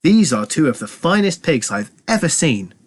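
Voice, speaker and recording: A man reading aloud and voicing a hearty, loud middle-aged village father with a booming, theatrical manner. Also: very animated, moderate pace. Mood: jovial.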